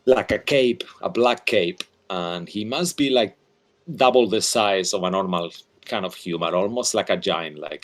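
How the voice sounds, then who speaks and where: A man narrating a tabletop game as game master, hesitant, with many ums and likes. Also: low-pitched.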